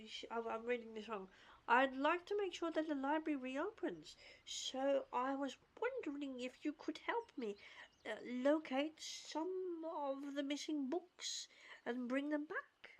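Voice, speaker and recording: A woman's voice: high-pitched, a little slow. A woman reading aloud the lines of a kind, bookish princess in a plain voice. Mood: earnest.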